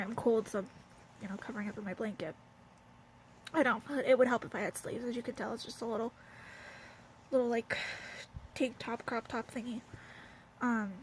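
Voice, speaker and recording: Young Southern woman vlogger, higher voice, blunt and rambling, faint room noise. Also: rough recording. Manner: rambling and blunt, heavy on fillers. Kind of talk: candid casual rant to camera. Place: at home, wrapped in a blanket.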